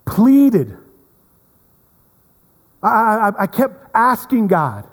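A man preaching a sermon as pastor, earnest, repeating words and swinging from emphatic to hushed. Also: high voice, big pitch swings, very slow. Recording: long reverb of a hall.

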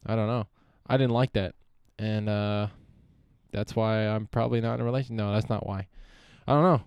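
Young male podcast host, solo monologue: smooth, clean voice, dry close mic, meandering and profane. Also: fairly low pitch, steady tone, moderate pace, darkish tone, no echo, muffled recording. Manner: profane, meandering, self-interrupting.

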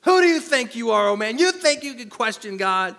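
A man voicing an old Southern preacher with a Southern accent, yelling indignant questions in a fiery way. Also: extremely high pitch, very animated, a little fast, gravelly, pitched above the performer's own voice, full character voice. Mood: fired up. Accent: American Southern.

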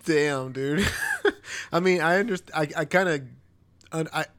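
A man's voice: a little high, a little slow, a bit bright. A man in a casual podcast chat, laid-back, often laughing and hedging his words.

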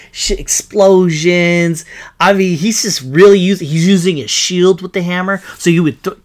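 A man giving a breathless, casual recap of a film's climax. He swears freely, rambles, and keeps stopping to correct names and restart sentences. His excitement carries the whole story. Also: on the high side. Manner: frequent self-corrections and fillers. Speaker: vlogger.

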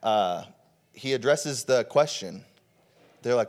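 A young man preaching a sermon in a relaxed, conversational way, with frequent fillers and restarts. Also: medium pitch, unhurried, pauses often.

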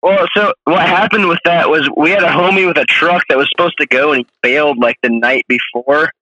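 A man's voice: a little high, a little fast, pushed and bright, muffled recording, a little hiss or hum. A young man, a podcast guest, telling a story in a laid-back, rambling way with free swearing. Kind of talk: casual storytelling.

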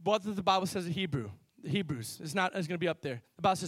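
A pastor preaching a sermon in a church, telling stories in an animated way and swinging between loud bursts and quiet asides. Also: male voice, sits high, racing, few pauses, dry recording. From Miami.

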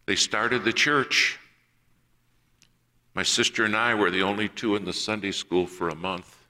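A man's voice: lowish voice, a little slow, sharp tone. A man preaching a sermon, telling a personal story and acting out the voices of the people in it.

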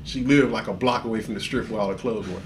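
A man's voice: on the low side, fast, slight background noise. A man co-hosting a podcast, telling a story in casual, profane speech, often laughing and acting out the people in it. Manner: profane, laughing, acts out dialogue. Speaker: podcast co-host.

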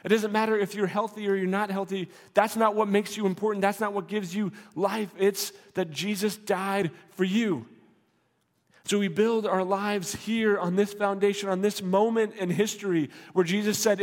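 A man's voice: high-pitched, fairly even intonation, moderate pace, big-room sound. A man preaching a sermon as a pastor, earnest and repetitive, building to emphatic declarations.

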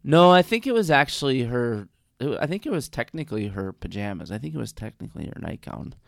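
A man's voice: medium pitch, big pitch swings, brisk, gravelly, no echo, studio quality. A man co-hosting a podcast, chatting casually in a playful, teasing way into a desk mic. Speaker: podcast co-host. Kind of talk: casual chat. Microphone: desk microphone.

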